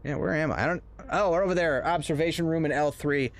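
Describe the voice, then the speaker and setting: A man with a fairly high, fast-paced voice streams a horror game live, rambling and cracking jokes as he plays. He keeps chatting with his viewers in casual stream commentary.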